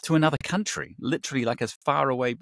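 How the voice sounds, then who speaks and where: A man's voice: medium pitch, quick pace, vocal fry, a bit bright, no room sound. A middle-aged man from England with a New Zealand accent, chatting as a podcast guest and telling stories in a rambling way with many fillers and restarts. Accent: New Zealand with a slight British trace. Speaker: voice actor guest. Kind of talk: casual interview chat.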